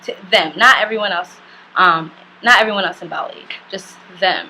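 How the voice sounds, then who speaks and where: A young woman talks straight to camera in a chatty vlog, her voice bright and forward. She tells her story candidly, leaning on "like" and swearing casually. Faint ambient noise sits behind her. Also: on the low side, normal speed, poor audio. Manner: candid and chatty, heavy use of "like". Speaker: travel vlogger.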